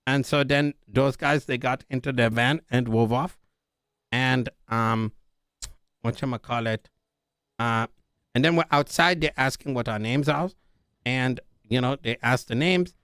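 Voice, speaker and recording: A man's voice: mid-range voice, measured pace, a bit bright, smooth, no room sound, clean studio sound. A young man in character, telling a rambling story about being taken hostage, full of "like" and "dude" and acting out the other voices. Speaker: roleplay streamer in character.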